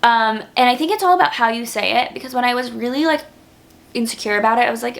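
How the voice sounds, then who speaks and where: This twenty-something YouTuber talks to camera quickly in a gravelly voice on the high side. She's casual, earnest and appreciative, filling her speech with "like."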